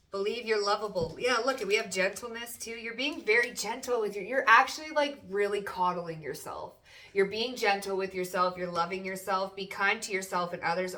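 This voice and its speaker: A woman talks her viewers through a tarot spread in a loose, chatty way, often leaping up in pitch to play out what they'd say. Her voice is bright and pushed forward. She sits a little back from the mic, with a faint hiss in the background. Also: recorded from a distance. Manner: chatty, animated, acts out the viewer's voice in high bursts. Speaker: tarot card reader. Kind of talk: casual tarot reading to camera.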